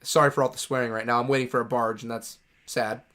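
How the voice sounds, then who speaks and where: A man's voice: medium pitch, level tone, fast, pushed and bright. A man streaming a game, telling a long story in a loose, rambling way, restarting sentences and swearing freely. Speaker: gaming streamer. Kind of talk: casual storytelling while playing.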